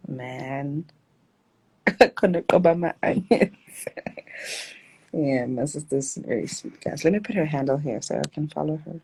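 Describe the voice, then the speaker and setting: A woman's voice: sits low, moderate pace, long pauses, dark tone, slightly rough, low-quality recording. A young South African woman hosting a casual phone livestream at home, chatty and laughing often, drifting between English and Zulu. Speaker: livestream host.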